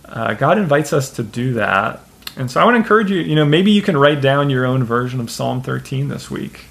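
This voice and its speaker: A pastor delivers a casual, conversational sermon in a mid-pitched man's voice with a gravelly edge. He fills his talk with "you know" and "uh," and his pace speeds up and slows down as he goes. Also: expressive, a bit bright. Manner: conversational, many fillers, shifting pace.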